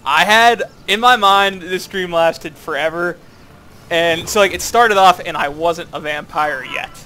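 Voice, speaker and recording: A man's voice: high-pitched, unhurried, bright, forceful tone, a little hiss or hum. A man chatting casually while playing a co-op game, rambling playfully with lots of fillers. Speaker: co-op gameplay commentator. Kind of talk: casual gaming chat.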